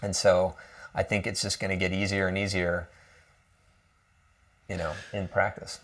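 A man's voice: low voice, level tone, normal speed, a bit bright. A man from the United States, a guest musician, speaking casually and reflectively with lots of hesitations and fillers. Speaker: guest violinist. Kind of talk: casual conversation.

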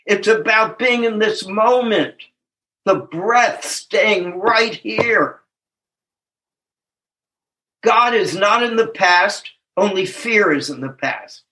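This older man, in his seventies, speaks slowly with long pauses, his high voice pushed and bright. Sharing at a recovery meeting, he gives an earnest, reflective testimony, laughing softly at himself and stressing important words.

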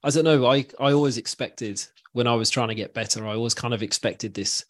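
A man's voice: mid-range voice, a little fast. A man in his thirties hosting a podcast, talking in an informal, encouraging way and reflecting back on his guest's story. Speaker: podcast host. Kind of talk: casual interview chat.

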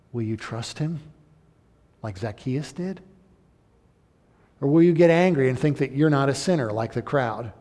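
A man preaching a sermon as pastor, moving between impassioned emphasis and hushed, near-whispered appeals. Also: medium pitch. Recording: long hall reverb.

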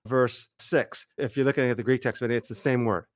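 A man's voice: medium pitch, steady tone, moderate pace, dry recording, clean studio sound. A man co-hosting a casual scholarly Bible discussion, walking through the Greek text step by step and often restarting his sentences. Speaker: co-host, Bible teacher.

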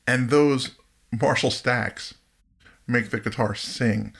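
A middle-aged man co-hosting a music podcast, chatty and reminiscing, quick to laugh. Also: mid-range voice, fairly even intonation, gravelly, a bit bright, breathy edge. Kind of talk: casual music chat.

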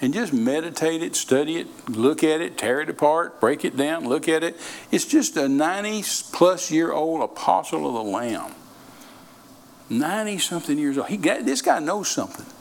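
An older male preacher with a gravelly voice that sits a little high for a man. He preaches in a folksy, homespun way, repeating phrases and restarting sentences as he goes. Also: expressive, normal speed, low-quality recording. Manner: folksy and repetitive, with many restarts. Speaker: traveling preacher. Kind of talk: sermon.

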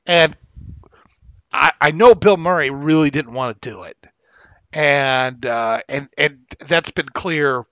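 A man co-hosting a casual podcast about movies, talking haltingly, repeating words and laughing often. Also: fairly high pitch, a bit bright, no echo, dull audio. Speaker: podcast co-host.

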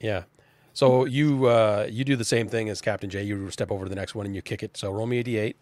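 A man's voice: lowish voice, fairly even intonation, fast talker, darkish tone, slight background noise. A man narrating as game master of a tabletop role-playing game, casual and chatty, often restarting his sentences.

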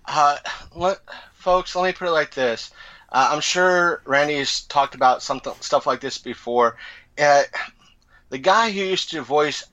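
A man co-hosting a podcast in casual chat, animated and often acting out quoted lines. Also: fairly high pitch, a little slow, muffled recording. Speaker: podcast co-host.

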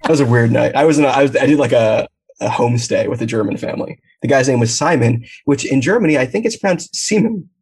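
Gravelly, husky-voiced male podcast guest. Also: mid-range voice, fast, darkish tone. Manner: joking, anecdotal storyteller. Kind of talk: casual podcast chat.

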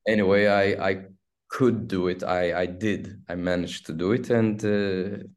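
A man from Turkey with a Turkish accent, an actor telling stories in an interview, halting and restarting as he goes. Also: sits low. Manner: halting, restarts often, animated storytelling. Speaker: actor guest. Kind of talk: casual interview storytelling.

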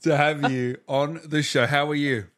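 A man's voice: fairly high pitch, level tone, moderate pace, fairly bright tone. A man hosting an interview show over a video call, enthusiastic and full of praise for his guest. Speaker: show host. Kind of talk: casual interview chat.

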